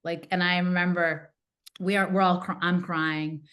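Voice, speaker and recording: A woman, a coach and podcast guest, telling a personal story in a lively way and acting out what her family said. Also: fairly low pitch, moderate pace. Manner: animated, acts out quoted family members. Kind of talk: casual interview storytelling.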